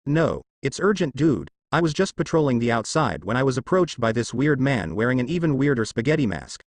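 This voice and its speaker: A man's voice: medium pitch, sing-song, brisk. A man voicing a jittery young male figure who is easily frightened, speaking urgently and fretfully.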